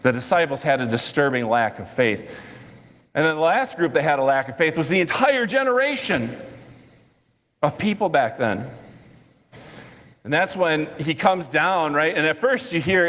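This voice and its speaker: A man preaching a sermon as pastor, telling stories in a lively way and acting out quotes with sudden high-pitched outbursts. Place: church sanctuary. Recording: church sanctuary with long reverb.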